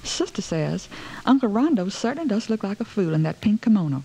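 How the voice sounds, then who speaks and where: A woman's voice: mid-range voice, very animated, brisk, dark tone, husky, poor audio. A woman voicing a spoiled, sulky younger sister with a petulant, snippy way of talking.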